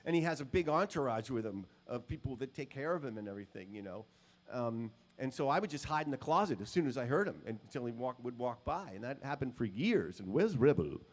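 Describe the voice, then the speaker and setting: A man's voice: mid-range voice, very animated, fairly quick. Casual, rambling male guitarist telling stories. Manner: casual and rambling, with many "um" and "you know". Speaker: guitar clinician. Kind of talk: storytelling talk to a live audience. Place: music store clinic.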